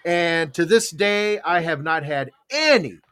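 A man's voice: a little high, lively intonation, unhurried, a bit bright, clear, resonant tone. An older man hosting a morning show, telling a long personal story and acting out what other people said. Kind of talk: casual chat. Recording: internet radio show.

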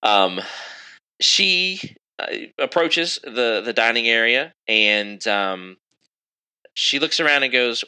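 A man's voice: mid-range voice, animated, slow, pushed and bright, clear, resonant tone, rough recording. A man narrating a tabletop game as game master, describing scenes with many fillers.

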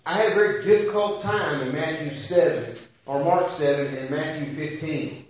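Man, preacher, conversational sermon, rhetorical questions, fairly high voice, very echoey hall, dull lo-fi sound. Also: normal speed.

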